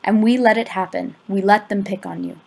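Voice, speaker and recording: A woman's voice: medium pitch, steady tone, gravelly, darkish tone, rough recording. A woman reading the lines of an earnest adult male teacher in an amateur audiobook, talking urgently and sometimes stammering. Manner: urgent, halting, stammering in places.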